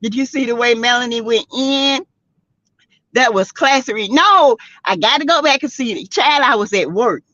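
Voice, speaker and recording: A woman's voice: fairly high pitch, expressive, normal speed, fairly bright tone, no echo, highs cut off. A woman with a Southern US accent hosting a casual live gossip chat, sassy and laughing often as she greets viewers. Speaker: live-stream host.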